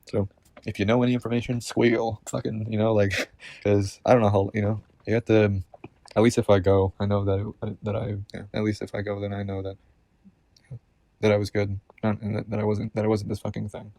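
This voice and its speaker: A man's voice: on the low side, little pitch movement, fairly quick, creaky, warm tone, dry recording. A man talking to camera in a rambling, agitated personal monologue, swearing constantly and repeating himself. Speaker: vlogger.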